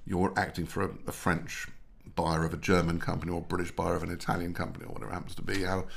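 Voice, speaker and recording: A man's voice: low-pitched, level tone, rapid-fire, vocal fry, a little hiss or hum. A man in his sixties chatting as a guest, telling rambling anecdotes. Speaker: guest, mergers and acquisitions adviser. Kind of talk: casual chat.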